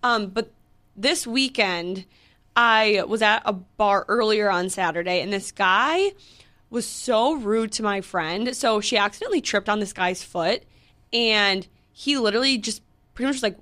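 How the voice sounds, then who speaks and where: A young woman in her twenties talks through a story on a casual podcast. She chats at a middling pitch, full of fillers, and acts out both sides of each exchange as she quotes them. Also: normal speed, sharp tone. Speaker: podcast co-host. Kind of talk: casual chat.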